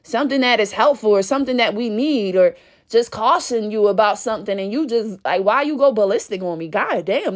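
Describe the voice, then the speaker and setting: Woman vlogger, exasperated and cussing freely. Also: fairly high pitch. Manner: blunt, profane, exasperated. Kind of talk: casual rant to camera.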